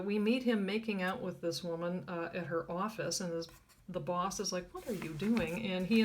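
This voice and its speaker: An older woman casually retelling an old comic story in a wry, halting way, with many fillers. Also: medium pitch. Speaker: comic book reviewer.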